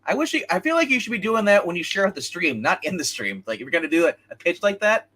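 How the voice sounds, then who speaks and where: Male streamer, rambling and opinionated, lively swooping delivery, bright edge. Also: sits high, quick pace. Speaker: comic book livestream co-host. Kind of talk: casual live-stream chat.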